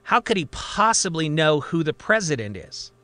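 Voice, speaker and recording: A man tells a story in a relaxed, conversational way, as if recounting it to a friend. His voice is bright and slightly high. The recording is dry and close. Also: normal speed, no echo. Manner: conversational, lively retelling. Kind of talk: storytelling narration.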